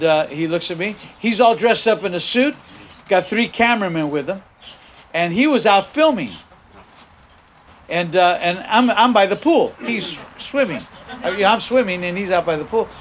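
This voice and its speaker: An older male pastor preaches in a fairly high voice, hammering his key phrases again and again. His sentences often restart before he drives the point home. A faint hum of room ambience sits behind him. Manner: emphatic, repeats key phrases, frequent restarts. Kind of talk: sermon with personal story.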